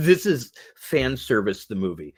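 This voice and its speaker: Man, forties, movie podcast co-host, casual chat, swears a lot, pitch swings up and down. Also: unhurried, breathy edge. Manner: animated, swears freely, laughs often.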